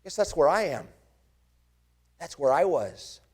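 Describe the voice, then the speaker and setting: A man's voice: fairly high pitch, very animated, measured pace, a little mellow, slightly rough, heavily acted. A man playing the disciple Thomas speaks in his own slightly raised voice, earnest and impassioned. He tells it in first person as a dramatic sermon monologue. He searches and presses his listeners with direct questions. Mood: reflective. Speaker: pastor.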